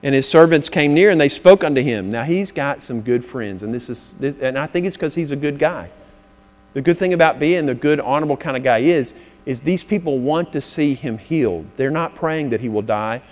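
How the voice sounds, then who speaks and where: A man preaching a sermon as pastor, swinging between loud, dramatic passages and hushed, earnest ones. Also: a little high, animated, fairly quick. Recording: long reverb of a large hall.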